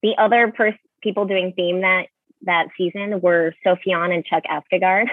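A woman in her thirties chats candidly about her career, full of fillers and restarts. Her voice sits a little low. It comes through a thin, tinny phone line with no room echo. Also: fairly even intonation, moderate pace. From Utah, USA. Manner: chatty, candid, many fillers. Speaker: guest ballet dancer. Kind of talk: casual interview.

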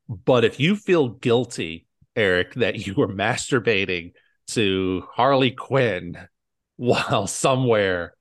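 Here a US podcast co-host rambles casually through a movie recap, saying "like" constantly and performing lines from it. He has a medium-pitched, slightly bright voice.

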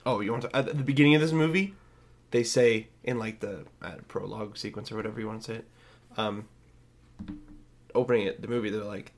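A man's voice: on the low side, fairly quick, slight background noise. A young man co-hosting a casual film podcast, dry and sarcastic, often sighing. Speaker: podcast co-host. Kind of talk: casual movie chat.

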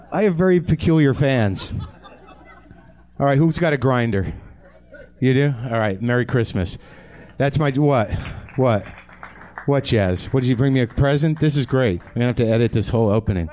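Male comedy host, forties, sardonic and profane, slightly high voice, live theatre stage. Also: a little mellow. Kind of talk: live stand-up banter with audience.

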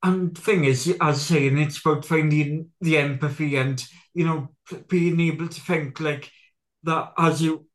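A man with a slightly high voice hosts a relaxed chat. He talks haltingly, restarts his sentences and keeps coming back to set phrases. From Great Britain. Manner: halting, searching for words, keeps saying "as I say". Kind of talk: casual conversation.

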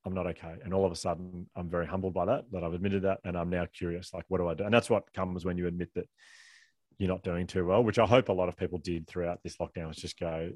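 A middle-aged man, a guest and author telling a candid story in a fast, rambling way, restarting his sentences often. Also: low voice, little pitch movement, a little mellow, no echo, clean studio sound. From Australia.

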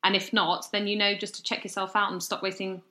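A woman from South East London co-hosting a podcast in casual, chatty conversation, animated and quick to laugh. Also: medium pitch. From South East London, England. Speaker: podcast co-host. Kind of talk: casual chat. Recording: roomy echo.

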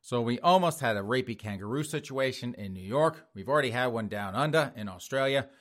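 A man's voice: mid-range voice, lively intonation, a little fast. A middle-aged man hosting a talk show, reading news items and mocking them in a sarcastic commentary style. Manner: mocking, sarcastic, laughs at own jokes. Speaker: podcast host.

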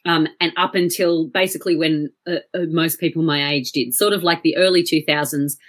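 A woman's voice: deep voice, steady tone, fairly quick. A woman with an Australian accent, a podcast guest telling stories in casual chat, full of fillers and restarts. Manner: chatty storyteller with frequent fillers and restarts. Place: at home.

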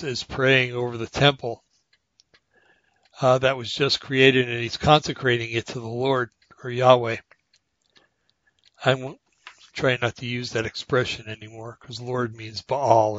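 A man's voice: medium pitch, flat delivery, a bit bright, no room sound, highs cut off. Earnest man hosting a faith podcast. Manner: halting, many ums and self-corrections, earnest. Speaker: podcast host. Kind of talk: casual religious podcast with scripture reading.

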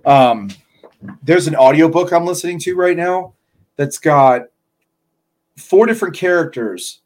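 A young man talks in an easygoing podcast chat at an ordinary, middling pitch. He rambles through his stories, circling back and drifting from one thought to the next. His delivery is casual and unpolished. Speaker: podcast co-host.

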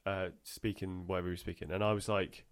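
A man's voice: low voice, flat delivery, quick pace. A man co-hosting a podcast, reading out odd stories in casual banter and laughing often. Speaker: podcast co-host.

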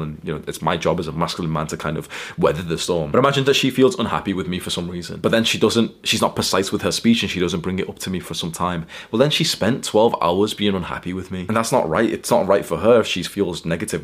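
A man hosting a motivational podcast, talking bluntly and profanely straight to the listener. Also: fairly low pitch. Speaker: podcast host. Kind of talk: motivational book-summary podcast monologue.

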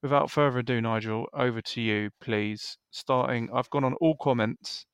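A man's voice: mid-range voice, steady tone, normal speed, clear, resonant tone, no room sound. A man hosting a podcast in casual chat, steering the show to the next segment and laughing along with his co-host.

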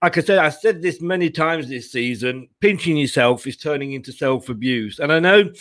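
A chatty man with a fairly high voice hosts a football fan podcast. He talks in a loose, self-mocking way and laughs at himself between remarks. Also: lively intonation, normal speed, fairly bright tone. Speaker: podcast host. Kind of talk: casual fan podcast chat.

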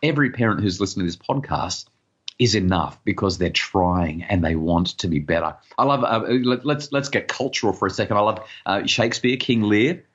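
Husky deep-voiced man, earnest. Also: expressive, a little fast, dull audio. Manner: earnest, repeats words when starting sentences. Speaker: parenting expert guest. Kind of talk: podcast interview.

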